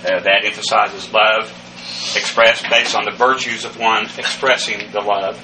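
A man teaches a methodical, verse-by-verse Greek Bible lesson in a lowish, steady voice, a little slow, spelling out Greek words letter by letter. He uses frequent "uh" fillers and restarts. The mic is distant, leaving his voice set back amid faint ambience and a noisy background.

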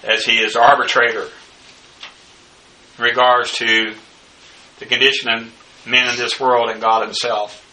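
A man teaching a bible study lecture, working through numbered notes and pausing often on filler sounds. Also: mid-range voice, flat delivery, sharp tone. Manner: halting, many filler uhs. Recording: distant mic with faint background noise.

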